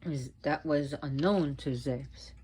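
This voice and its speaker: A woman presenting a casual educational video at home, talking slowly and deliberately and repeating words for emphasis. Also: sits low, warm tone, breathy edge. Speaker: video presenter on mythology and witchcraft. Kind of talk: casual educational talk to viewers.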